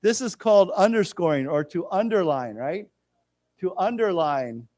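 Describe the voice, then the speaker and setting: A man teaching an English vocabulary lesson in a library lecture room. He explains each word slowly and leads the class in repeating it. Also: sits high, animated, a little mellow, no room sound.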